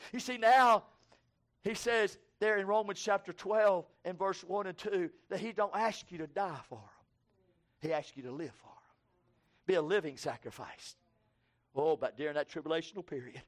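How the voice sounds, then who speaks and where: A man preaching a sermon, rising from low, quick passages to shouted, fervent proclaiming.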